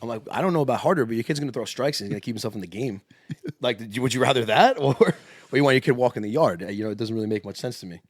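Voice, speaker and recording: A young man in his twenties trades loose, casual banter as a podcast co-host. He is animated, swears freely and laughs often. His voice sits at a medium pitch and sounds close and dry, with no room around it. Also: rapid-fire, no room sound.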